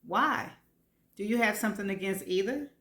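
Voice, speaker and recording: A woman's voice: mid-range voice, moderate pace, a bit bright, natural voice. Woman voicing a sassy, bossy best friend. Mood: teasing. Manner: teasing, blunt, scolding. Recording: roomy echo.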